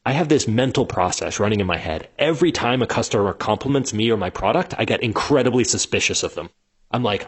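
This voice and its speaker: Husky, lively-voiced male instructor. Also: mid-range voice, a little fast. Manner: conversational, many fillers, animated when quoting people. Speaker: instructor explaining customer interviews. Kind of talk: casual spoken lesson, acting out example dialogues.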